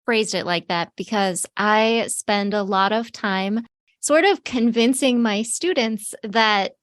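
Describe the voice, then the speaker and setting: A woman's voice: mid-range voice, slow, no room sound, studio quality. A woman hosting a podcast interview, explaining her ideas in a thoughtful way. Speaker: podcast host, marketing teacher.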